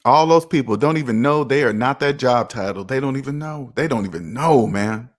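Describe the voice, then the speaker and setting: This is a man with a medium-pitched voice and a brisk delivery, giving a casual pep talk as a personal finance vlogger. He preaches straight at his audience and hammers his points home by repeating them.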